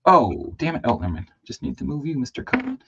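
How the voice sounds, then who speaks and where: A man chatting casually while painting a toy figure on a livestream, laughing and lively as he tells stories. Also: fast, gravelly, slight background noise. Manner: animated, laughing, jumps into high excited voices when telling stories. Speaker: co-host of a toy customizing livestream. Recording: slightly dull lo-fi stream audio.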